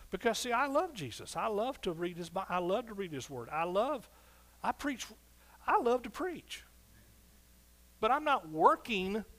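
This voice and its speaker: A middle-aged pastor with a high voice preaches a sermon animatedly, swinging between soft asides and loud exclamations.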